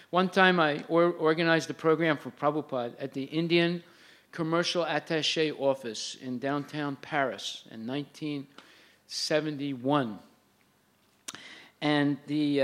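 A man's voice: a little high, a bit bright. An older man giving a religious lecture as a spiritual teacher, explaining in plain speech and reciting Sanskrit verses in a chanting lilt.

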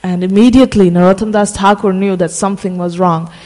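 Halting devotional storyteller in a reverberant room. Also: medium pitch, steady tone, a little mellow. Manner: halting, many fillers and restarts, slows for emphasis.

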